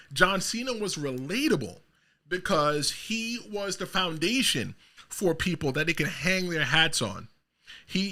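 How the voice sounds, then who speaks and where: A man talks alone as the host of a podcast in a loose, rambling commentary style. His voice sits high for a man and has a bright, forward edge. He gets animated, doubles back and corrects himself mid-thought. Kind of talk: casual solo commentary.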